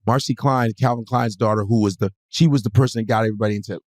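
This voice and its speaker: A man's voice: on the low side, racing, no echo. A man, a comedian guest, telling a story in casual chat and acting out other people's lines in shifting voices. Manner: animated storyteller, acts out quotes in shifting voices, swears freely.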